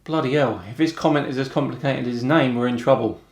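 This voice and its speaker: A British man hosting a video, reading out rude comments and answering them with dry, deadpan mockery. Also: mid-range voice, fast, reverberant. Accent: British English. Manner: dry, mocking, deadpan retorts. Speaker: host.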